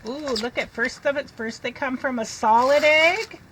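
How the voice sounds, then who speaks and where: A woman teaching young children to read, reading a picture book aloud in a slow, sing-song way and sounding out letters. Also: sits high, a bit bright, a little hiss or hum, low-quality recording.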